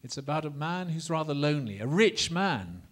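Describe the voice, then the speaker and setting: A man lecturing a class on opera in a lively, theatrical way, coaxing the students to repeat lines and demonstrating phrases. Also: a little high, normal speed.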